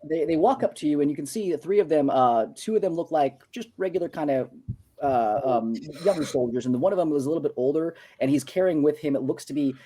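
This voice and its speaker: A man's voice: on the high side, fast talker, warm tone. A man narrating as game master of a tabletop game, loose and stammering with many fillers.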